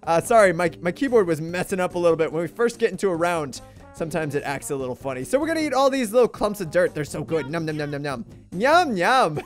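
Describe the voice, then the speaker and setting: A man giving playful let's play commentary, making goofy puns and laughing often. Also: high-pitched. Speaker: gaming video creator.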